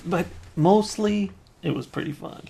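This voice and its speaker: A man's voice: high-pitched, unhurried, creaky, mellow, slight background noise. A man co-hosting a casual movie review podcast, joking in a wry way. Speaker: podcast co-host.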